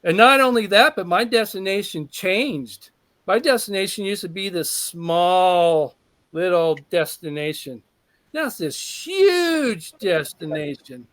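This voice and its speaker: A man's voice: high voice, unhurried, no room sound. Emphatic man giving a testimony. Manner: emphatic, repetitive, building excitement. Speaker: testimonial speaker. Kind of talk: heartfelt personal testimony.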